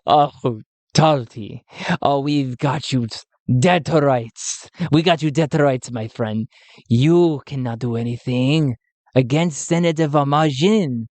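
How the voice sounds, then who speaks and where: A smug scheming villain in a tabletop game, gloating with chuckles, words drawn out slow, dry close sound, put on by the narrator. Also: medium pitch, a little mellow, dry recording, lightly acted.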